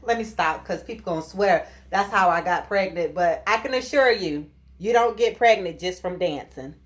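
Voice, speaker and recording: A woman's voice: fairly low pitch, moderate pace. A woman in her thirties, a little out of breath, chatting jokingly in a casual pregnancy update vlog. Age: 30s. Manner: animated, joking, playful sing-song bursts. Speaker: vlogger.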